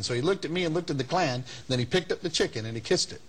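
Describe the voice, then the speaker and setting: A man's voice: fairly high pitch, lively intonation, quick pace, very noisy. A man telling a live anecdote to an audience in a folksy, rambling way, often chuckling. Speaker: storyteller on stage.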